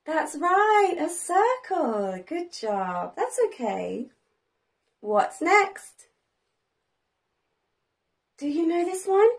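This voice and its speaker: A woman's voice: very high voice, sing-song, very slow, pauses often. A woman hosting a children's learning video as a preschool teacher, talking in a sing-song way with dramatic gasps and plenty of praise.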